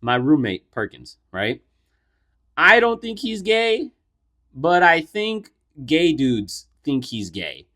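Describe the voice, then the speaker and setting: A man's voice: a little high, very animated, slow pace, bright, forceful tone. Casual young man co-hosting a podcast. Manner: loose and profane, full of "like" fillers. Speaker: podcast co-host. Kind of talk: casual storytelling chat.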